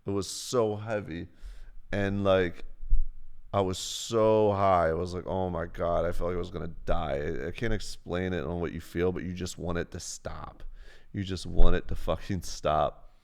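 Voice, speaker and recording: A man's voice: low voice, steady tone, moderate pace, creaky, clean tone. Profane young man telling a stream story. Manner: rambling, profane, acts out quotes in a raised voice. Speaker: live streamer. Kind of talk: casual storytelling on a live stream.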